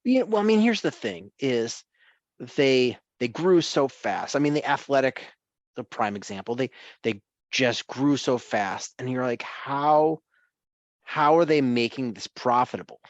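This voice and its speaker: A man's voice: mid-range voice, expressive, measured pace, no echo, muffled recording. A man co-hosting a sports podcast in casual chat, chuckling often and rambling through restarts.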